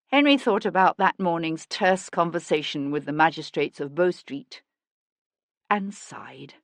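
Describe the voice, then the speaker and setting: A woman reading scripted narration for an audiobook in an even, measured storytelling manner. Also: on the low side, no echo.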